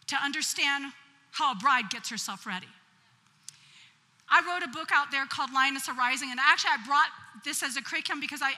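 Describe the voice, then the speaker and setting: A woman telling a humorous story as she preaches, in a lively, chatty, self-mocking way. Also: high-pitched. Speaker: preacher at a women's conference. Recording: long hall reverb.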